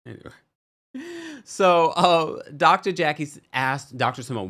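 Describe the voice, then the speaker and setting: A man hosting a casual livestream recap, talking in an animated, opinionated and chatty way while reading comments from the chat. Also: fairly high pitch, unhurried. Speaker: recap show host.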